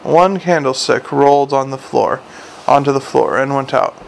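Gravelly male audiobook narrator. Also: medium pitch, moderate pace, a little hiss or hum, poor audio.

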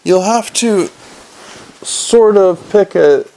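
A man's voice: high voice, drawn-out words, vocal fry, mellow, voice pushed up, full character voice. A man voicing a weary, put-upon middle-aged male sergeant who talks in an exasperated, flustered way.

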